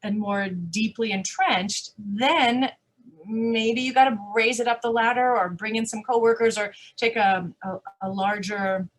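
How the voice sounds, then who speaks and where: A woman conference speaker answering audience questions, animated and emphatic, with rhetorical questions and frequent restarts. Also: on the high side, a little slow. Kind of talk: live Q&A answers.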